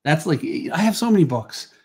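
A man's voice: on the high side, fairly quick, slightly rough. A man hosting a drawing livestream, chatting loosely and teasing his co-host with dry humor. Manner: relaxed, dry teasing, trails off mid-thought. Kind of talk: casual chat.

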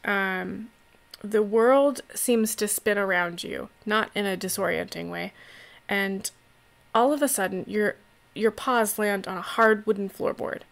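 A woman narrating as game master of a tabletop game, relaxed and rambling with fillers. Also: medium pitch, vocal fry.

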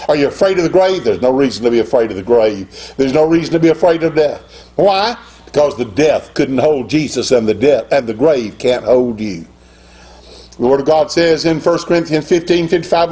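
An older man preaching a sermon as pastor, in an impassioned style that climbs to high, emphatic peaks. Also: lively intonation, normal speed, warm tone.

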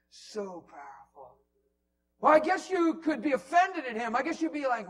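A man preaching in a church, telling a story with animated swings from loud bursts to near whispers. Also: very high-pitched, brisk, rough recording. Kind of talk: storytelling sermon. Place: church hall.

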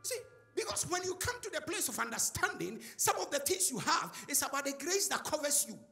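A male preacher with a high, sharply bright voice and a gravelly edge delivers a sermon in call-and-response style, very animated and brisk. He swings his pitch widely, shouting and chanting phrases at the congregation as faint music plays underneath.

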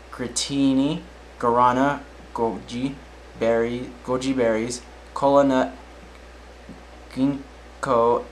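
A man's voice: medium pitch, slight background noise, rough recording. A man casually reading odd news stories aloud, often tripping over names, then adding his own offhand comments.

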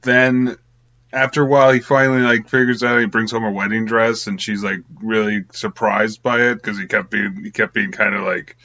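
Young male reviewer, bright tense tone, chatty and filler-heavy; dull lo-fi recording. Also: lowish voice, flat delivery, moderate pace. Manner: rambling, filler-heavy, giggly. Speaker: film reviewer. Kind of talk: casual film review. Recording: slightly muffled lo-fi audio.

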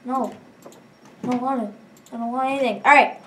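A woman talking through her gameplay in a casual, chatty way, her voice fairly high. She sounds a little far from the mic, and her remarks often trail off into mumbles. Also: steady tone, brisk, pauses often, fairly bright tone, slight background noise. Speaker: let's play gamer.

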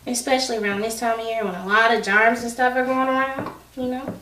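A chatty woman with a fairly high voice talks her viewers through a recipe while out of breath. She sounds a little distant from the mic, and her home kitchen gives the voice a roomy echo. Pans and dishes clink softly behind her. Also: fairly even intonation, brisk, background noise. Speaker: cooking vlogger. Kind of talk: casual cooking demonstration.

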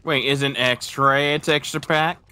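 A man's voice: medium pitch, fairly even intonation, slow pace, pushed and bright, slight background noise. A man in a casual multiplayer game, often asking curious questions. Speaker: player. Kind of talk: casual multiplayer chat while gaming.

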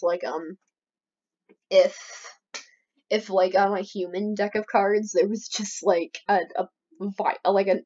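A woman's voice: medium pitch, a little mellow. Chatty mock-outraged young woman gamer. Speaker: let's play host. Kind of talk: casual gameplay commentary. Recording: slightly dull lo-fi recording.

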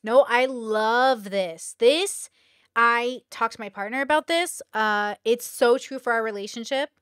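A woman's voice: on the high side, a little slow, fairly bright tone, smooth, no echo, studio quality. A woman content creator chatting candidly to camera in a rambling, confessional way. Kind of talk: casual talking-head chat.

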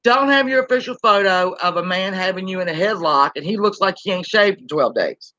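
A woman's voice: medium pitch, expressive, a little fast, bright, forceful tone, dry recording, muffled recording. A woman, ranting bluntly and profanely on a live-stream while reading chat aloud. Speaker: YouTube commentary host.

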